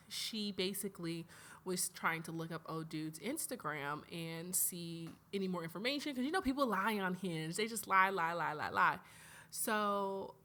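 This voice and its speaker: A young adult woman from Atlanta hosting her own podcast in an animated, chatty way. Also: on the low side. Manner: animated, chatty, swings between loud outbursts and quiet asides. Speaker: podcast host. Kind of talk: casual solo podcast chat.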